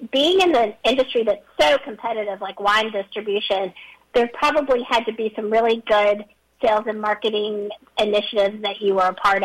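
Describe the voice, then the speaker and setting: A woman's voice: a little high, low-quality recording. A woman co-hosting a radio talk show with a cartoon-like voice, bubbly and playful as she asks her questions. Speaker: radio co-host.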